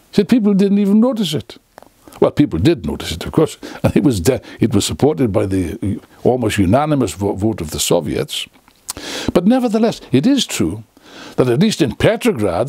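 A man's voice: medium pitch, creaky, warm tone, breathy edge, no echo. An older man giving an impassioned, unscripted lecture to camera, full of sarcastic asides and restarts, close on the mic. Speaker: political speaker.

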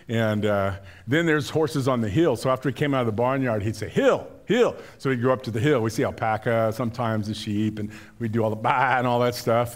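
An older man delivers a sermon in church like he is chatting with the congregation. He tells stories easily and often restarts his sentences. His voice sits at a middle pitch for a man. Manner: conversational storytelling with frequent restarts. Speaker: pastor. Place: church sanctuary.

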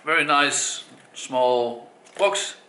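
In an echoey room with background noise, a cigar reviewer from the Netherlands talks very slowly in a mid-range voice. His casual review, delivered in a Dutch accent, is full of hesitations, fillers and self-corrections.

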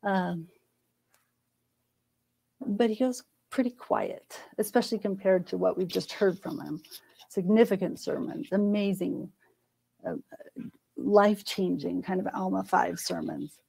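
A woman's voice: mid-range voice, unhurried, gravelly, pauses often, warm tone, husky, rough recording. A middle-aged woman scholar, a guest in a conversational interview, speaking thoughtfully and earnestly. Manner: thoughtful, earnest, frequent restarts.

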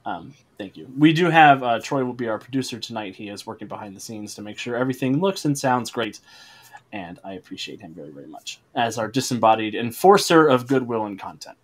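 A man's voice: mid-range voice, animated, a little fast. A man hosting and running a tabletop role-playing game stream, upbeat and chatty with a fondness for puns. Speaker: game master.

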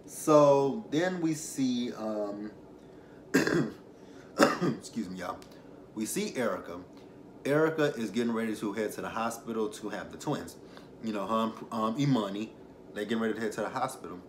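Brief: young man, lowish voice, rambling, emotional reality-show recap, faint hiss behind. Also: expressive, moderate pace. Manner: rambling, self-correcting, emotional. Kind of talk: casual commentary with personal stories.

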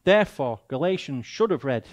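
Mancunian male guest preacher, fairly high voice, emphatic, rhetorical questions. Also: lively intonation, moderate pace. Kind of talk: sermon.

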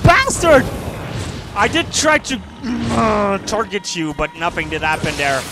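A man with a high, wildly swinging voice commentates his gameplay, yelling reactions at enemies. He talks at an unhurried pace between his outbursts. Game music plays clearly behind him. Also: animated. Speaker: gamer. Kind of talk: let's play commentary.

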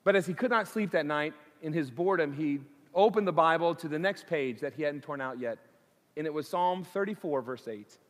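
A man preaching in a church sanctuary, his fairly high voice carrying a long reverb through the hall. He speaks with earnest conviction and stacks repeated phrases as his intensity builds. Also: fairly quick. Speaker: pastor. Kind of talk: sermon.

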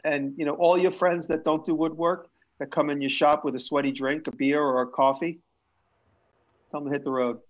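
A man's voice: a little high, fairly even intonation, normal speed. A man hosting a casual live-stream chat, rambling with frequent restarts and fillers. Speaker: show host and maker. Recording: lo-fi stream audio.

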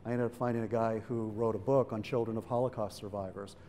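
A middle-aged man with a lowish, mellow voice talks fast with fairly even intonation while telling a family story at a public event. He's conversational and imitates the voices of people he quotes, in a museum event hall with hall reverb and faint background noise.

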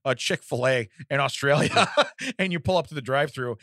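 A man's voice: medium pitch, fairly quick, a bit bright, dry recording, studio quality. A man co-hosting a casual comedy podcast, laughing often and acting out silly voices. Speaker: podcast co-host. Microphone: studio mic.

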